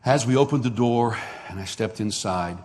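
A man's voice: mid-range voice, normal speed. A male pastor preaching a sermon, telling stories and acting out the dialogue in them. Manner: animated storyteller acting out dialogue. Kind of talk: sermon storytelling. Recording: long reverb of a large hall.

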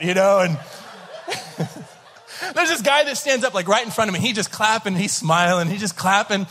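A man in his thirties preaching a sermon, telling a story with lively acted-out voices and laughter. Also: sits high, moderate pace, long pauses, a little hiss or hum. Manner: animated storyteller, acts out voices, laughs along. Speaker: pastor. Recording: large hall with long reverb.

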